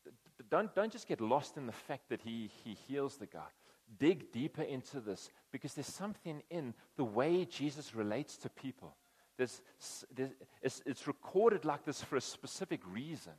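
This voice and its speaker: A man gives a relaxed, conversational sermon. He slips into quick put-on voices to act out the people in his story. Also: mid-range voice, husky, long reverb tail. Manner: conversational, acts out quoted voices. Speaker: pastor.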